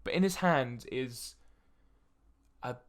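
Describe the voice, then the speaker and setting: A man narrating a tabletop game as dungeon master, describing scenes with halting fillers. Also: mid-range voice.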